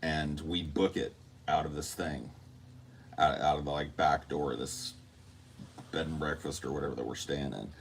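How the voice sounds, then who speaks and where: A man hosting a podcast, telling a dream in a loose, animated way, acting out quotes and swearing freely. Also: rumbling low, moderate pace, a little hiss or hum. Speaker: podcast host. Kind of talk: casual storytelling.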